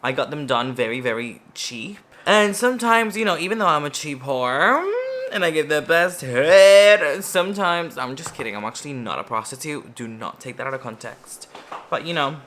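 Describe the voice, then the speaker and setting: Bright-voiced, chatty woman vlogger. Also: rumbling low, lively intonation, brisk, slight background noise. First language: Spanish. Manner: chatty, profane, self-mocking jokes. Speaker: beauty vlogger. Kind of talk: casual get-ready-with-me storytime.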